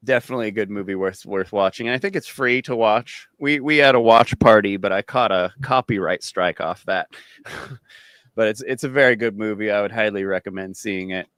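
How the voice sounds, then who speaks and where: A man's voice: fairly low pitch, fairly quick, clear, resonant tone, dry recording. A man hosting a live-stream podcast, chatting casually with easygoing fillers. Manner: relaxed, easygoing, hesitant fillers. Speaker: podcast host.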